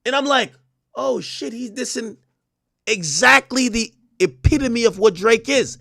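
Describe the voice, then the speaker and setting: A man from Jamaica hosting a livestream, ranting loudly and profanely, dropping from shouts to low mutters. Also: lively intonation, a little slow, vocal fry, no echo, studio quality. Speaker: livestream host. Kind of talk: animated livestream rant.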